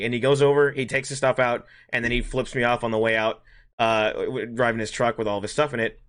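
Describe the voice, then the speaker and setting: A man hosting a casual podcast, talking fast and rambling. He tells a work anecdote and acts out both sides of the conversation at an easy, mid-pitched level. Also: level tone, fairly bright tone. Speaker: podcast host. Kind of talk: casual chat, storytelling.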